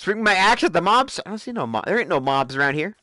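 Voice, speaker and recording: Very high, lively excitable man. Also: fast, no room sound, studio quality. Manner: excitable, yelps and squeals at surprises. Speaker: live-stream host. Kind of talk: live gameplay commentary.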